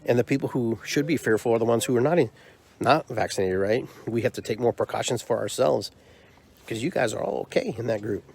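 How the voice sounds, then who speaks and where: A man's voice: mid-range voice, a little fast, gravelly, darkish tone, husky. A man hosting his own podcast, delivering a heated, frustrated monologue full of repeated rhetorical questions. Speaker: podcast host and drum circle leader.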